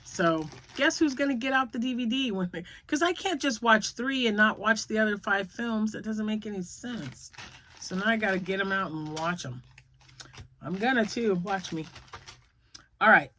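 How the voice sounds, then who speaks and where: A chatty woman in her fifties talking casually from home to her crochet viewers. She rambles from one story to the next in a mid-pitched voice, often breaking into laughter. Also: normal speed, bright, forceful tone, a little hiss or hum. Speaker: crochet vlogger.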